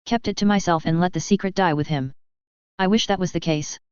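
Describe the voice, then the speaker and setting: A woman narrating puts on a sincere young man pleading for trust in a fantasy storybook reading. The voice stays smooth and rather low, barely changed from the narrator's own. The recording is dry and slightly dull. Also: fairly quick, no echo, lightly acted. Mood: earnest. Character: earnest young modern man, lost and sincere.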